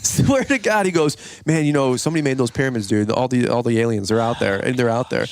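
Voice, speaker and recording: A man hosting a podcast, telling a rambling, animated story in casual chat. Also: fast talker. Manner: rambling, animated, imitates others in higher voice. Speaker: podcast host.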